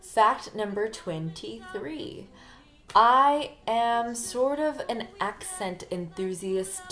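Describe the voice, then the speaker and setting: A woman, a singer-songwriter, chatting casually to camera in a rambling, chatty way. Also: medium pitch.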